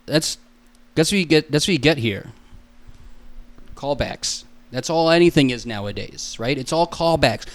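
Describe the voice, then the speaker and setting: A young man hosting a solo podcast alone in a room, goofy and self-mocking, rambling and swearing a lot. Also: mid-range voice.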